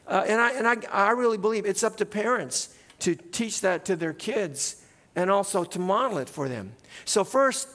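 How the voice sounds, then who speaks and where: A middle-aged male pastor preaching in a church, in a relaxed conversational way, often tagging "right?" onto his points. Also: sits high, moderate pace, in a large hall. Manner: conversational, keeps adding "right?". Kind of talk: sermon. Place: church sanctuary.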